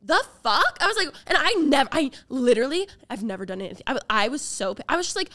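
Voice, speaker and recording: Animated young woman telling a story. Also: high-pitched, fast talker, no echo. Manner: animated storytelling, acts out quotes. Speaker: podcast co-host. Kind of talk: casual chat.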